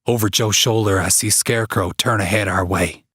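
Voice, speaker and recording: A man's voice: on the low side, fairly even intonation, normal speed, a bit bright, husky, dry recording. A man narrating a first-person story in clipped, broken backwoods grammar, recorded close on a dry mic. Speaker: author and reader.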